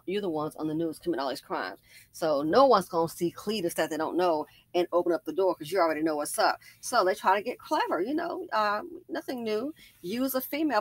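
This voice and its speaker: A woman's voice: fairly low pitch, no room sound. A woman hosting a casual commentary video, telling stories emphatically and often digressing. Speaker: commentary channel host.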